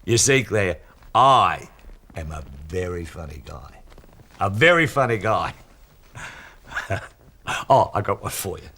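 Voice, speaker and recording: A bumbling Australian retiree. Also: male voice, low-pitched, sing-song, bright, forceful tone, exaggerated voice. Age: 60s. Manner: rambling, halting, fumbling for words. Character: retired working-class husband, bumbling would-be joker. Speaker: retired working-class husband. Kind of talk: scripted TV sitcom acting.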